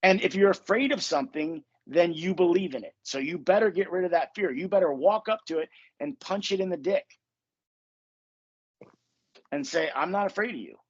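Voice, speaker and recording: A man's voice: high-pitched, normal speed, muffled recording. A man hosting a podcast as a coach, talking casually in a blunt, emphatic way and swearing freely. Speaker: podcast host and manifestation coach.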